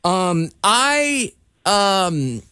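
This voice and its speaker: Polite fumbling male host, animated voice, dry close sound. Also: high voice, extremely slow, clear, resonant tone, no room sound. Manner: awkward, hesitant and polite.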